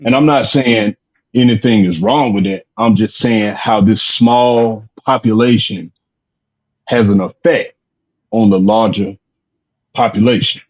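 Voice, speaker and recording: A man in a casual discussion, laying out his point in a measured way and repeating words as he builds it. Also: lowish voice, fairly even intonation, darkish tone, dull audio.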